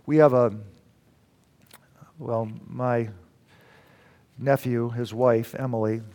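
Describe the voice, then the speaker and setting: A middle-aged man preaching a sermon, swinging between loud exclamations and near whispers. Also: sits high, expressive, moderate pace. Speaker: pastor.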